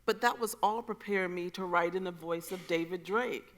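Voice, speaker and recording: Woman, low pitch, earnest and emphatic, poet on a panel, festival stage. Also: brisk. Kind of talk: panel conversation.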